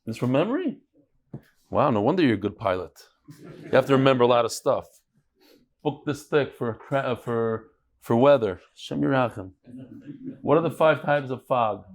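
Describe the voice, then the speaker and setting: A man's voice: medium pitch, expressive, moderate pace, pauses often. A middle-aged man teaching a Talmud class, telling stories and bantering with his students.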